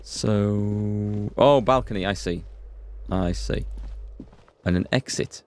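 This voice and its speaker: A man's voice: fairly low pitch, a little mellow, faint music behind. A man hosting a let's play, chatting and musing aloud as he plays. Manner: chatty, musing, quick to exclaim. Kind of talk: gameplay commentary and reading.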